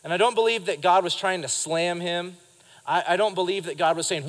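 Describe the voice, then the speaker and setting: A man's voice: high voice, a little fast. Man preaching in a reverberant church. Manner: lively preaching, acts out quotes and addresses the congregation. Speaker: pastor. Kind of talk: sermon. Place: church sanctuary during a live service.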